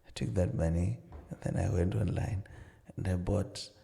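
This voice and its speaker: A middle-aged man, a marriage counsellor and pastor, earnestly telling stories and acting out dialogue in a relaxed conversation. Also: low-pitched, normal speed, vocal fry. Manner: earnest storytelling with many "you know" asides, acting out dialogue. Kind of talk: casual advice-giving conversation.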